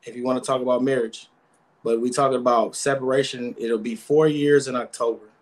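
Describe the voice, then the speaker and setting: A man's voice: mid-range voice, steady tone, brisk. A man guest giving emotional, rambling interview answers, often repeating words.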